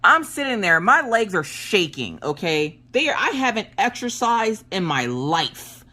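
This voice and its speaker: A woman in her thirties chatting casually while she works on a craft project, telling family stories in an animated way. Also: medium pitch, a little slow. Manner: animated storyteller, acts out family quotes. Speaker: crafting vlogger. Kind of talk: casual chat while diamond painting.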